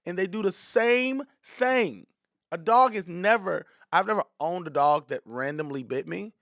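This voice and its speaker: A man with a fairly high voice tells comic stories in a relaxed podcast chat. He jumps into quick impressions of cats and people, bursting into laughter as he goes. The sound is dry and close, with no room in it. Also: dry recording. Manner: animated storytelling, acts out voices. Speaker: podcast guest comedian. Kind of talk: casual comedic chat.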